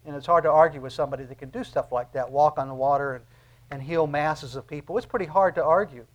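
A man with a fairly high voice delivers a sermon. His preaching is earnest and conversational, and he leans on repeated phrases to drive each point home. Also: fairly bright tone.

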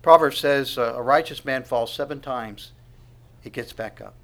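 A man preaching a sermon, asking the congregation questions and swinging from quiet asides to loud proclamation. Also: medium pitch, moderate pace. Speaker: pastor.

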